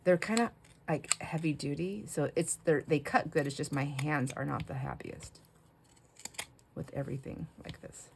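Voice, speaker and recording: Casting: middle-aged woman craft host, low-pitched, rambling storyteller who laughs a lot, faint hiss behind her. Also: moderate pace, creaky. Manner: chatty storyteller, laughs often, breaks off mid-sentence. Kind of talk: casual chat while crafting.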